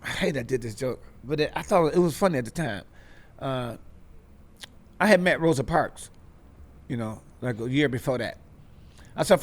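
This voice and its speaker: Man, comedian, fairly high pitch, animated, profane slang, acts out voices, laughs a lot. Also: brisk, long pauses. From US Midwest. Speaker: stand-up comedian guest. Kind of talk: storytelling on a talk show.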